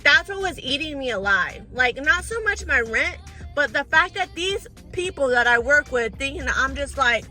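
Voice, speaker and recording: A young woman with a high, bright voice tells a personal story straight to her viewers. She talks in a chatty, exasperated way, calling them y'all and girl. Faint music sits under her voice. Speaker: storytime vlogger.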